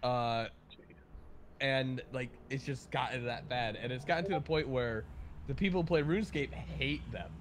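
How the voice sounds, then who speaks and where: A man, a livestream guest, chatting in a quick, joking, loose way over a computer mic. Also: medium pitch, a little hiss or hum. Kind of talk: casual chat.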